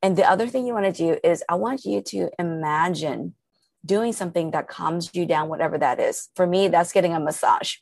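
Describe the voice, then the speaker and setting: A woman's voice: lowish voice, brisk, gravelly, a little mellow, dry recording. A woman guest coaching listeners in a podcast interview, explaining step by step in an earnest, instructive way with everyday examples.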